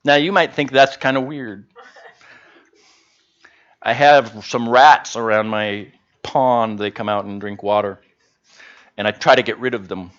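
A man's voice: mid-range voice, a little slow, pauses often, muffled recording. A man preaching a sermon to his congregation in a casual, conversational way, joking with them as he goes. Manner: humorous, conversational, animated. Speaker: pastor. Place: church service.

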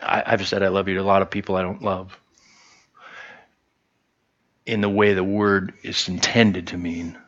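Man, pastor, conversational sermon, lowish voice, dull lo-fi recording. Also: little pitch movement, moderate pace, long pauses, fairly bright tone. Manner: conversational preaching, with many restarts and quoted lines.

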